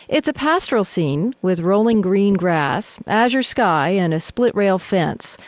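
A woman reporter reading a scripted news report in a measured, even way. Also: mid-range voice, dry recording.

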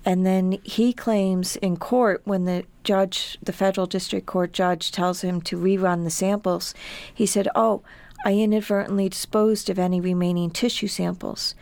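Earnest woman with a gravelly voice. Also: medium pitch, steady tone, normal speed, darkish tone. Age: middle-aged. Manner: earnest, repeats words when upset. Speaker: author and sheep farmer. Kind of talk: interview guest.

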